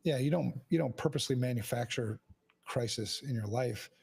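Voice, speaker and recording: A man's voice: medium pitch, moderate pace, creaky, darkish tone, breathy edge. A man hosting a podcast, talking frankly and casually, swearing often and restarting his sentences. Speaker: podcast host. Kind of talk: candid casual conversation.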